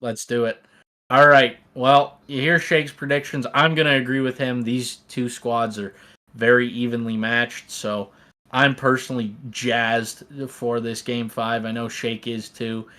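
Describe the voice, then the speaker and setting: A man calling an esports match play by play, with rapid, excitable calls that rise to shouts at big plays. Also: mid-range voice. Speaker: esports caster. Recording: game gunfire audible behind the voice.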